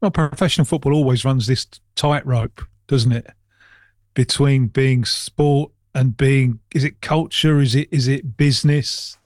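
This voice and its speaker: Measured co-host, dry studio sound. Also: male voice, mid-range voice, steady tone, darkish tone, dry recording. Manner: measured, analytical, asks tag questions. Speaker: radio co-host. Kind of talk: thoughtful studio discussion.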